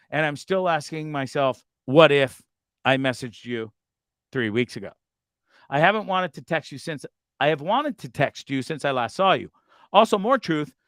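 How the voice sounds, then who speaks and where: A man's voice: on the high side, clean tone, no room sound. A man hosting a live talk show, telling a rambling, confessional story full of swearing, fidgety and nervous as he talks. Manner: rambling, confessional, swears a lot, quick swings between loud and muttered. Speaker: host. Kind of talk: casual live show monologue.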